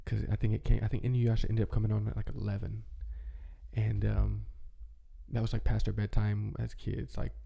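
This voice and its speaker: A man in his thirties hosting a relaxed monologue, rambling with lots of fillers as he reminisces nostalgically. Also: lowish voice, normal speed, creaky, slightly rough, lo-fi sound. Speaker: channel host.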